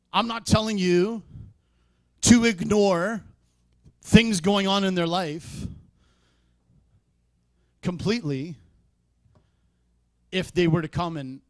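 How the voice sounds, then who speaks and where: A man preaching a sermon in a church, conversational in tone, with sudden loud emphatic peaks. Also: a little high, dry recording. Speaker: pastor.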